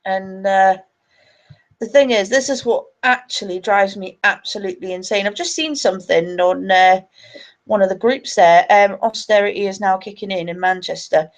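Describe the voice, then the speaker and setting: A woman's voice: mid-range voice, moderate pace. A woman hosting a live stream, angry, sweary and ranting. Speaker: livestream host.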